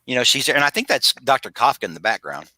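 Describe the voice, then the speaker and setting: A man's voice: mid-range voice, very animated, fast talker, pushed and bright, no room sound. A man recapping a comic book on a podcast in a casual, rambling way, full of fillers and restarts, over a video call. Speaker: podcast host.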